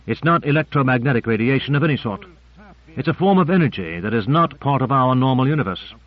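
A man reading the part of a precise, formal male scientist in a measured, matter-of-fact way, in a storybook reading. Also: mid-range voice, animated, close to an everyday voice. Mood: explaining. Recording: muffled lo-fi recording.

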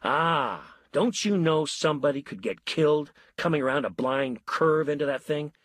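A man voicing a gruff state trooper who blusters, then goes lazy and friendly. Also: medium pitch, big pitch swings, takes it slowly, a bit bright, dry recording, clean studio sound, full character voice.

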